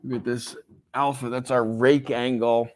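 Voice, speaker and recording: Guy professor teaching a class, chatty, keeps asking "right?", mid-pitch voice. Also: flat delivery, a little slow. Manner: conversational, checks in with "right?" often. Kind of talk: classroom lecture. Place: lecture hall.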